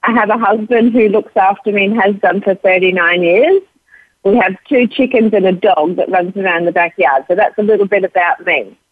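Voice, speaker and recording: A woman's voice: mid-range voice, normal speed, dry recording. Australian grandmother telling stories over a phone line. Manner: warm anecdotal storytelling, quoting others with lifted voice. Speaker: guest, charity founder. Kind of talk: storytelling interview answer. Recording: dry tinny phone line.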